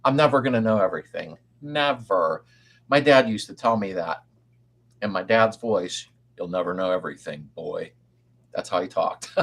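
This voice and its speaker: Creaky yet fairly bright in tone, this older man's medium-pitched voice leads a relaxed livestream chat. He wanders folksily through viewer questions and welcomes people by name.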